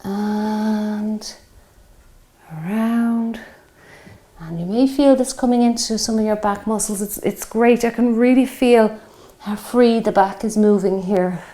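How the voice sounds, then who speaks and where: A woman's voice: mid-range voice, fairly even intonation, slow, mellow. A woman, leading a home workout and coaching encouragingly while exercising, a bit out of breath. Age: 50s. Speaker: fitness instructor. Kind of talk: guided workout instruction.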